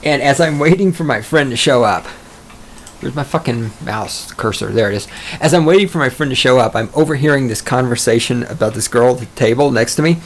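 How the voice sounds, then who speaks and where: A man's voice: medium pitch, brisk, slight background noise. Male solo podcaster, rambling and swearing, self-mocking, mid-range voice. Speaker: podcast host.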